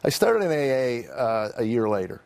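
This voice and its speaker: A man's voice: medium pitch, very animated, normal speed, gravelly, darkish tone. A middle-aged man, a comedian guest in an interview, telling candid personal stories in a wry, self-deprecating way and acting out the people in them.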